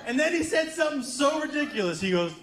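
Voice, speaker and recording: A man's voice: very high-pitched, big pitch swings, quick pace, a bit bright, a faint crowd. A man performing a stand-up routine, telling a story and acting out the dialogue between himself and his son. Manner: storytelling, acts out both sides of the dialogue. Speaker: stand-up comedian. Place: comedy club stage. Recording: roomy stage recording with audience and noise. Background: audience laughter.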